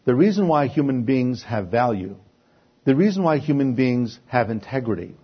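A man's voice: mid-range voice, very animated, moderate pace, husky, highs cut off. A man preaching a sermon who poses rhetorical questions and then answers them himself.

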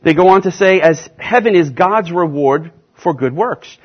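A man preaching and teaching a Bible class, emphatic and deliberate, stressing key words with slow repetition. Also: on the high side, lively intonation, husky. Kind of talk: sermon-style Bible teaching. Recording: dull lo-fi recording.

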